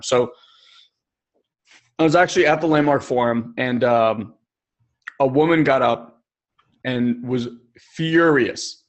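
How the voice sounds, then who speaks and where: A young adult man co-hosting a personal development podcast, telling stories in an animated way and acting out the people he quotes. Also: on the high side. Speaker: podcast co-host.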